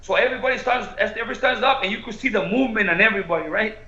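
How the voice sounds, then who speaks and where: A man, a boxing coach and co-host, telling an animated story and slipping between English and Spanish. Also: high voice, racing. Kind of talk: casual storytelling. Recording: echoey room, dull lo-fi sound.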